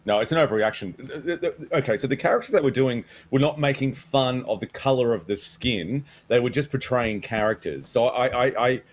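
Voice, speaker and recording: Man, co-host, halting speech, stammers, sighs, middle pitch. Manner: hesitant, stammering, restarts often with sighs. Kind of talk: opinionated panel discussion.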